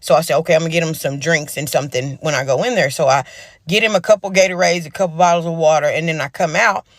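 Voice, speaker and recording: Fast-talking man, chatty and direct. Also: fairly high pitch, no echo, studio quality. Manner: chatty, direct, talks to the audience. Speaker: caregiver. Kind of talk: casual storytelling to camera.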